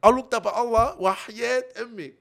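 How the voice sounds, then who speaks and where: A young Australian man telling a story as a podcast guest, profane, animated and swaggering. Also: very high-pitched, very fast, gravelly, very noisy. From Sydney, Australia. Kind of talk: casual storytelling.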